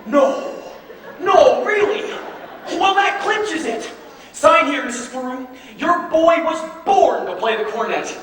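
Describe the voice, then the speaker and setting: A man playing a smooth-talking traveling salesman posing as a professor, with fast, flattering patter in a stage musical. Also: extremely high pitch, heavily acted. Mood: glib. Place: theater stage. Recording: echoey hall, miked from far off with music.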